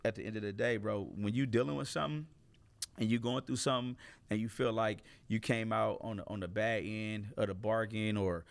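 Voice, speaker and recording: A man, a comedian, telling stories in a casual interview, animated and laughing, shouting at punchlines and dropping low and quiet when reflective. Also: a little fast, vocal fry. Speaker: comedian guest.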